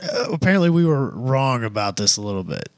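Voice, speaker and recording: A man's voice: medium pitch, very animated, a little fast, dry recording. A man co-hosting a podcast in casual chat, laid-back and rambling, with crude jokes. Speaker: podcast co-host.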